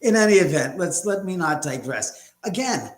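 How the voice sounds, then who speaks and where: A man hosts a casual livestream from home, rambling, speaking bluntly, and swearing casually. His voice sits high and is very animated at a normal speed, and the room sounds echoey.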